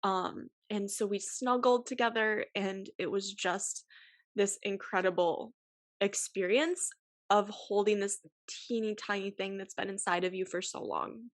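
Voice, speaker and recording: A young woman speaks close to the mic in a dry, dead room, her voice sitting at a middling pitch. She hosts a podcast and talks casually, with lots of "like", and she sighs often. Her voice trembles as she comes close to tears. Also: fairly even intonation, a little slow, no echo. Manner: emotional, sighing, filler-heavy. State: tearful. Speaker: podcast host. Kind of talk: casual personal storytelling.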